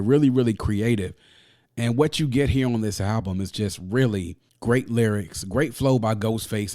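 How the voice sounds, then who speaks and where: Man, podcast host, casual solo music review, slangy, animated, mid-pitched voice. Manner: animated, slangy, laughs often.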